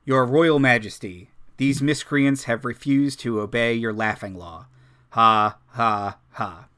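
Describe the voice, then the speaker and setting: A man's voice: medium pitch, slow, pushed and bright, smooth. A man voicing a solemn male guard captain making a formal announcement.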